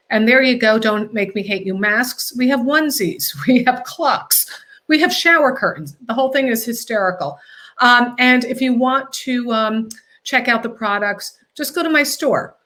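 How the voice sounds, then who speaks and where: A woman's voice: fairly high pitch, fairly bright tone. Joking, chatty woman host. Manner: joking, chatty, full of fillers. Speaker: talk show host. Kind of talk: casual chat with plugs.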